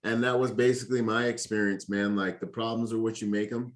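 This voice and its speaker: A man from the Bahamas who hosts a podcast, talking in an animated, joking way in casual conversation. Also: on the low side, a little fast. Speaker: podcast host.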